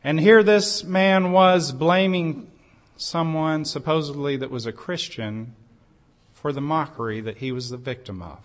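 With a fairly high-pitched voice and a measured pace, a man from the United States shares a personal story in a sermon. He speaks earnestly, pushing his pitch up on key phrases for emphasis.

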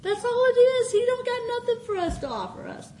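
A woman's voice: extremely high pitch, expressive, fairly quick, a little mellow, rough recording. An older woman giving an informal, folksy sermon in a small chapel, often laughing as she speaks. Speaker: preacher.

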